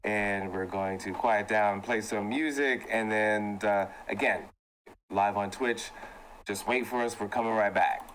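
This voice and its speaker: Bright-voiced man hosting a casual show. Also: fairly low pitch, unhurried, a little hiss or hum. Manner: loose, rambling sign-off with fillers. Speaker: podcast host and producer. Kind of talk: casual panel chat, signing off a live show.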